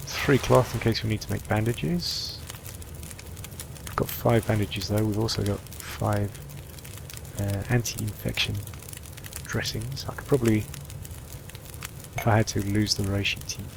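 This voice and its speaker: A man giving relaxed let's-play commentary, thinking aloud as he sorts through supplies and plans his next move. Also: lowish voice, vocal fry, noisy background. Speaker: gameplay commentator.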